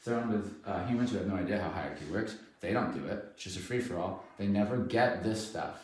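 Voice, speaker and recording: Low-voiced man talking from far in an echoey room. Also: brisk. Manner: relaxed, rambling, praises the dog often. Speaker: dog trainer. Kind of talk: casual explanation during training. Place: indoor room with dogs.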